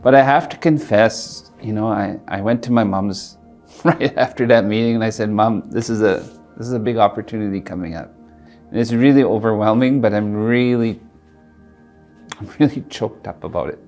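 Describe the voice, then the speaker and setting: A middle-aged man telling a personal story in an interview, earnest and reflective, pausing and restarting as he speaks. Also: fairly low pitch, a little mellow, soft background music. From Alberta, Canada. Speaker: interviewee, community leader.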